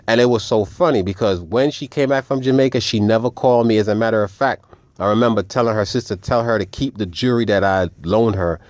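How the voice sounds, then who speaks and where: A man with a low voice tells a personal story to his viewers. He talks in an animated, profane way and keeps addressing them as "family.". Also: fast, dry recording. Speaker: vlogger.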